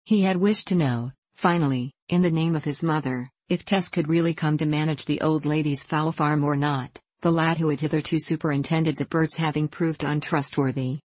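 Woman narrator, low voice, dry close sound, measured audiobook reading. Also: steady tone, darkish tone, no room sound.

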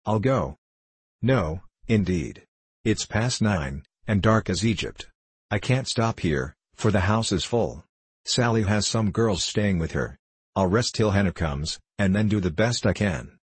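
A man's voice: on the low side, expressive, a little slow, breathy edge, no room sound. A man reading a classic novel aloud as an audiobook narrator, giving the characters only slight shifts of voice. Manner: reads all characters in a near-plain voice with slight shifts. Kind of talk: scripted narration.

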